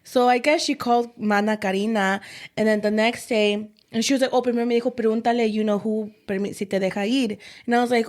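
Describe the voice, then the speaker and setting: Chatty bilingual woman telling a story. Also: mid-range voice. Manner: switches between English and Spanish mid-sentence, animated quoting of others. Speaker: podcast co-host. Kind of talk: casual storytelling chat.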